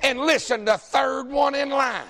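A pastor, preaching a folksy, joking sermon that builds to shouting. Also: male voice, very high voice, unhurried.

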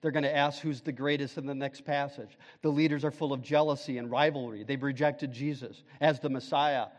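A man's voice: steady tone, brisk. Fervent preacher man in a reverberant hall. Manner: swings from loud fervent peaks to hushed low passages. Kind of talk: sermon.

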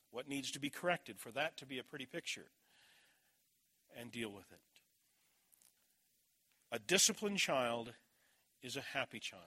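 A middle-aged man preaching a sermon in a church, telling a family story and moving between firm and hushed delivery. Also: medium pitch.

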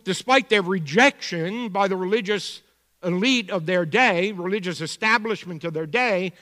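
A pastor with a Bronx accent preaching a sermon, moving between quiet asides and emphatic points. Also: male voice, sits high, long reverb tail.

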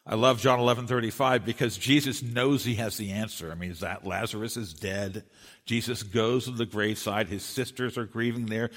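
A male pastor preaching an earnest sermon, slowing down and dropping soft on key phrases. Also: medium pitch. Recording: long hall reverb.

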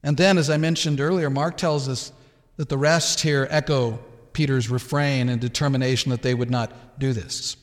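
A man preaching a sermon as pastor, emphatic and expressive, sometimes acting out the words of others. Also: mid-range voice, moderate pace, long reverb tail. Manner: emphatic, acts out Peter's protests.

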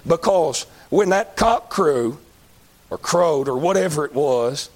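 Preacher, middle-aged man, fairly high voice, folksy, climbs to loud emphasis. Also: lively intonation, slow. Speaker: Baptist preacher. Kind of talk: sermon.

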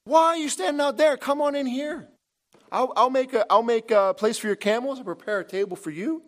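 A man's voice: very high-pitched, a little fast, pitched above the performer's own voice. A preacher voicing a greedy, fawning man who gushes over a visitor's wealth. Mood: gushing. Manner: fawning, excited. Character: greedy, gushing man, money-hungry host.

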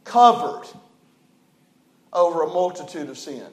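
A man preaching a sermon as pastor, fervent and folksy, swinging from loud declarations to hushed, low passages. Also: expressive, measured pace, echoey room. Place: church sanctuary.

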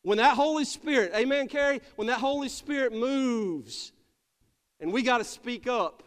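Man, pastor, sermon, high voice, calls for amens, long church reverb. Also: moderate pace. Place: church sanctuary.

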